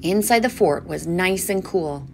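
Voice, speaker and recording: A woman's voice: lowish voice, animated, a little slow, creaky, a little hiss or hum. Lilting woman reading a children's story. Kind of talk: reading a children's picture book aloud.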